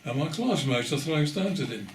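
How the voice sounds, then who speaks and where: An older man from the Netherlands giving an oral history testimony, telling his story in a measured way and pausing for weight. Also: fairly high pitch, lively intonation, echoey room, a little hiss or hum. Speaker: interviewee.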